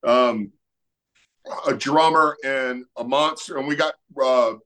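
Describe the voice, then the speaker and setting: Here a musician guest from Texas, a middle-aged man, talks at a slow pace in a mid-range voice. He keeps the interview casual, storytelling loosely and leaning on lots of fillers.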